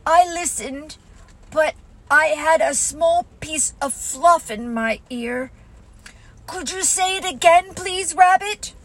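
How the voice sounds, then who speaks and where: A woman voicing a gentle, muddled bear who talks slowly and dreamily in a storybook reading. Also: sits high, pitched above the performer's own voice, rough recording. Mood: apologetic. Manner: slow, dreamy, hesitant.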